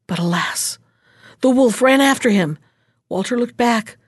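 A woman reading a fairy tale aloud as the storyteller of the show, rising high and animated in tense moments. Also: unhurried, no room sound.

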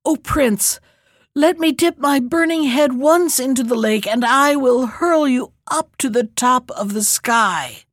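A woman's voice: high-pitched, slow, dry recording, clean studio sound. A woman voicing a weary male dragon who gasps and pleads in a storybook reading. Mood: gasping plea. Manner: gasping, pleading.

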